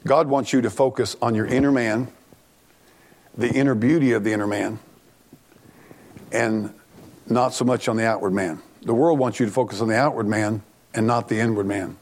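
Middle-aged male pastor, lowish voice, earnest plainspoken preaching, frequent restarts. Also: steady tone, moderate pace, pauses often. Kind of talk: sermon.

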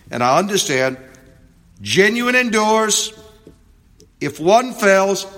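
A man preaching an expository sermon, reading scripture aloud with slow emphasis and then dropping to a quiet, reflective tone. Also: mid-range voice. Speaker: pastor. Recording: long hall reverb.

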